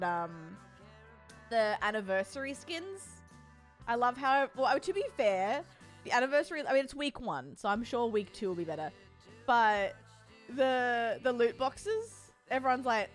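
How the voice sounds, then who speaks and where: A young woman streaming from home, chatting casually and rambling as she greets her chat by name. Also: fairly high pitch.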